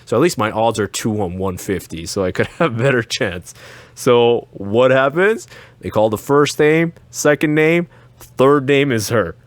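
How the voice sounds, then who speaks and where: A man co-hosting a podcast in casual chat, telling an animated story with acted-out quotes and frequent laughs. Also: mid-range voice, measured pace, no echo. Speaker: podcast co-host.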